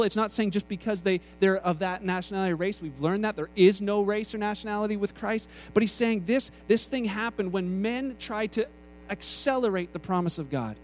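A man preaching a sermon in a casual, conversational way, often restarting his sentences. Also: sits high.

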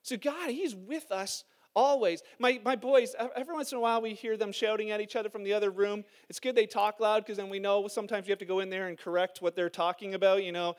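A man with a strikingly high voice preaches to his congregation in church. He talks in a lively, conversational way, asking the room questions and telling humorous family stories. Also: fast, hardly any pauses, clear, resonant tone. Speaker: pastor. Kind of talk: sermon. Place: church hall before a congregation.

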